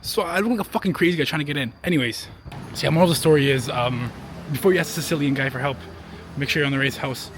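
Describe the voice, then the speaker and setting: Young male travel vlogger, casual and foul-mouthed, handheld outdoors, clear street noise behind. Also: fairly high pitch, quick pace. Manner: profane, rambling storyteller.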